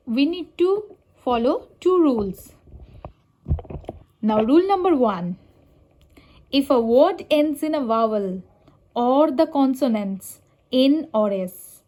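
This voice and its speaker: A woman Spanish teacher giving a slow, measured lesson, pronouncing example words carefully and clearly. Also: high-pitched, warm tone. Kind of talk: slow explanatory language lesson.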